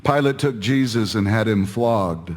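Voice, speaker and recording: A man giving a measured, solemn, dramatic scripture reading. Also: fairly low pitch. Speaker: scripture reader.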